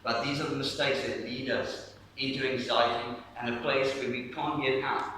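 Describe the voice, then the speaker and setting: A male pastor preaching a lively sermon to his congregation, guiding them through breathing along the way. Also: medium pitch, slight background noise. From South Africa. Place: church hall. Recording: echoey church hall, mic at a distance.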